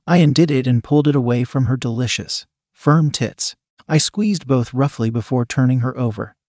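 A man narrating a first-person erotic story in a slow, measured storytelling manner. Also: mid-range voice, a little mellow, no echo, studio quality.

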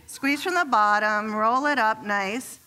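Bright-voiced woman telling stories onstage. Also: a little high, measured pace. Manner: animated storytelling with audience questions. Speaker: relationship expert. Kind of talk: talk to a live audience.

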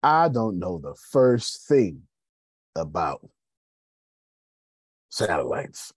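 Male host, husky low voice, loose motivational business talk, dry close sound. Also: sing-song, drawn-out words, no echo. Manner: conversational, addresses listeners as y'all.

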